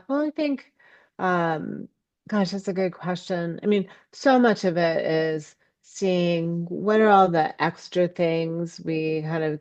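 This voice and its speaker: A woman guest on a podcast interview, speaking thoughtfully and haltingly with many ums, livening up when she voices her own inner thoughts. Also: sits low, no echo, muffled recording. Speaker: guest, ecopsychology scholar and author. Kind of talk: reflective podcast interview talk.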